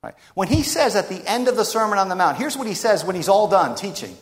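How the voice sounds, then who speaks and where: A man preaching a sermon in an emphatic, rhetorical way with dramatic pauses. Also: high voice, big pitch swings. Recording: long reverb of a large hall.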